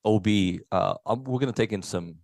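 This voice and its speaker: A man's voice: fairly low pitch, normal speed, a little mellow, no room sound. A man hosting a sports radio show, chatting casually and reading listener texts and live ad copy. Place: radio studio.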